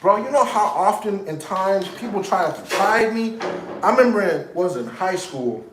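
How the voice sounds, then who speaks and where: A man in his thirties telling casual stories, animated, acting out other people's lines. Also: sits high, normal speed, roomy sound, noisy background. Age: 30s. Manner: animated, quoting people in raised voices. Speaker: vlogger. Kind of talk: casual storytelling.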